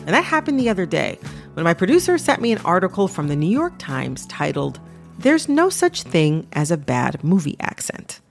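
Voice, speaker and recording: A woman hosting a podcast, narrating in a playful, animated, indignant way. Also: fairly low pitch, normal speed, gravelly, soft background music. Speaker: podcast host.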